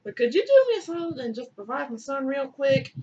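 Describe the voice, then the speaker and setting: A woman's voice: sits high, very animated, a little fast, mellow, highs cut off, a little hiss or hum, voice pushed up. A woman voicing the goddess Isis as a sarcastic, exasperated young mother in a comic myth retelling. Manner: sarcastic, flip modern slang.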